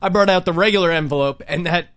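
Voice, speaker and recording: High-voiced man telling stories, dry sound. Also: fast, no room sound. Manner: animated, acts out people he quotes. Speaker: podcast host. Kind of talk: casual storytelling chat.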